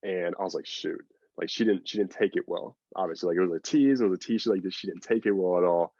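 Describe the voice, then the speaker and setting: A man's voice: deep voice, fast, mellow, dry recording, muffled recording. A man guest on a podcast, telling a long story in a rambling, casual way with lots of fillers and acted-out quotes. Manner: rambling, filler-heavy, acts out quoted lines.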